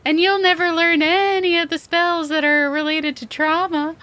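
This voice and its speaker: A woman doing a snarky deadpan spellcaster. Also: very high voice, moderate pace, no room sound, pitched above the performer's own voice. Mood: deadpan teasing. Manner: dry, teasing, deadpan. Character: snarky, unbothered young spellcaster.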